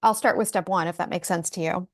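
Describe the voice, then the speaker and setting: A woman's voice: lowish voice, fast talker, no room sound, studio quality. A woman co-hosting a casual chat about marketing, talking in a chatty way with lots of fillers and restarts over a video call. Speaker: co-host.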